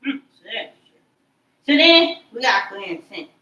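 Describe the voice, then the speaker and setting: A woman vlogger delivering an animated, profane, repetitive rant. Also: fairly high pitch, measured pace, dull audio. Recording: roomy sound, far from mic.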